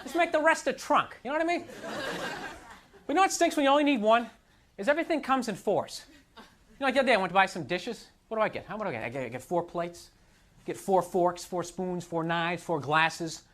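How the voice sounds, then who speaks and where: A man's voice: high voice, lively intonation, a little fast, a bit bright. A man doing a stand-up comedy set, ranting in an exasperated, self-mocking way and slipping into mocking voices. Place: comedy club stage. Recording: live club recording with crowd and noise. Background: audience laughter.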